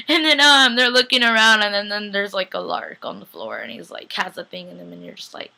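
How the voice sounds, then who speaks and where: A young adult woman recapping a TV episode in an excited, chatty way, full of "like" and acted-out reactions. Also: medium pitch, normal speed, gravelly, poor audio. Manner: gushing, chatty, acts out lines with lots of "like". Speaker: fan vlogger recapping a TV episode.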